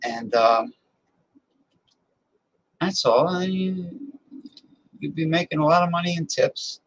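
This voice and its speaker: A man's voice: fairly high pitch, animated, takes it slowly, poor audio. A male host in a casual chat who rambles while giving advice.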